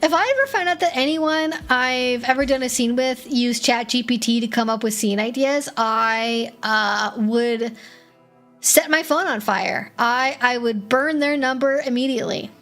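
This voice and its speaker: Brief: high-pitched woman streamer, blunt and profane, chatty Q&A host, faint music behind. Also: unhurried. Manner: blunt, profane, animated storytelling. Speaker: streamer hosting a Q&A. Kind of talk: casual livestream Q&A.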